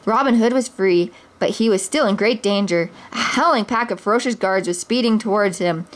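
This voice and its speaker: A woman's voice: mid-range voice, normal speed. A woman, a mother, reading a children's storybook aloud expressively, now and then stumbling and restarting a word.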